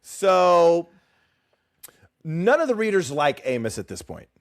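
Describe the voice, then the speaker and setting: A man co-hosting a casual book podcast, his voice rising and falling a lot as he talks. He is emphatic and tends to repeat himself when excited. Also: fairly high pitch, slow pace. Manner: animated, emphatic, repeats words when worked up. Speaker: podcast co-host.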